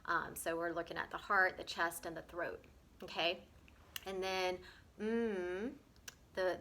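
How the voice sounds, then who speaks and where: A woman teaching a gentle breathwork lesson, often pausing to check in with "okay?" and repeating words as she explains. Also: lowish voice, slight background noise.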